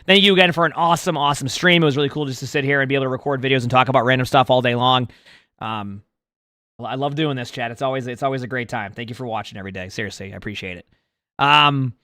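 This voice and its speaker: Quick, chatty male streamer. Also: mid-range voice, pushed and bright, clean tone, no echo, studio quality. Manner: rambling, chatty, talks to chat. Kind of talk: casual live-stream chat.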